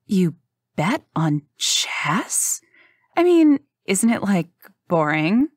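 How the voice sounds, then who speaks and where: A woman voicing a young female chess hustler who feigns being a naive, bubbly beginner in a high, breezy way. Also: big pitch swings, moderate pace, dry recording, clean studio sound, close to an everyday voice. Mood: faux-innocent. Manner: high, breezy, faux-innocent.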